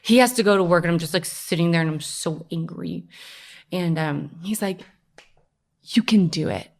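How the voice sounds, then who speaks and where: A young woman, a podcast guest, telling her personal story in a lively, conversational way. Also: on the low side, normal speed, gravelly. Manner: animated storytelling, acts out her own past voice.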